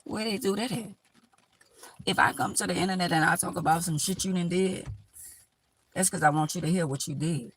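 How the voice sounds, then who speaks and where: A woman's voice: lowish voice, a little fast, pauses often, husky. A woman hosting a live stream, giving blunt, emphatic life advice in a casual, preachy way.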